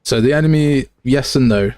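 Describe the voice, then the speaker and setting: A man's voice: medium pitch, moderate pace, darkish tone, smooth, no room sound. A young man streaming game development live, chatting casually with viewers and calling them mate and pal. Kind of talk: live coding stream chat.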